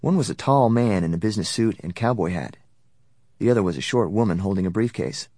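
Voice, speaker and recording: A man narrating a novel in a steady, even storytelling voice that sits low. The recording is dry and close, with no room around it. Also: a little fast, no echo. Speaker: audiobook narrator. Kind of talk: scripted narration.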